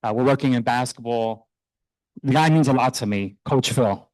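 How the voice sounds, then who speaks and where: A middle-aged man, a youth soccer coach, speaking earnestly and proudly while honoring his players at a town meeting, loose and a little halting. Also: medium pitch, a little mellow, no echo, poor audio. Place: township council meeting room.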